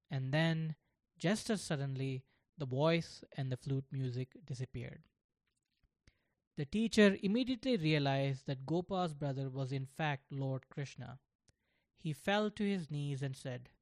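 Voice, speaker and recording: A storyteller reads a children's tale aloud in a slow, deliberate, scripted way. The voice sits at a middle pitch. The recording is dry and close, with no room sound. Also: expressive, darkish tone, dry recording.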